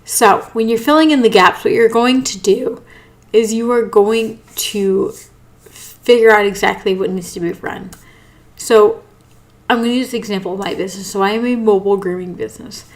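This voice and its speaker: A woman's voice: mid-range voice, normal speed. Tired, yawning woman host; casual, rambling, apologetic delivery. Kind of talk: casual live talk.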